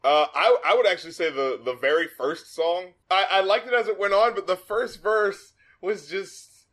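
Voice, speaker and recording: High, bright man in animated chat. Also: moderate pace. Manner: animated, quotes lyrics mockingly, swears. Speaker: podcast co-host. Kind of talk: casual album review chat.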